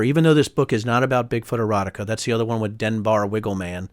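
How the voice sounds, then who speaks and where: This is a studio-quality, dry recording of a man with a lowish voice speaking at a quick pace. He's a middle-aged congressman and author giving an animated interview, emphatic and heated, doing voices when he quotes people and peppering his points with "right?".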